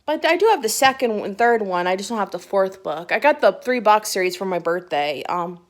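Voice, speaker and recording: A woman's voice: mid-range voice, expressive, fairly quick. A young woman chatting casually to her phone camera about books she read, giggly and rambling with restarts. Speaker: book vlogger. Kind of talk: casual book chat to camera.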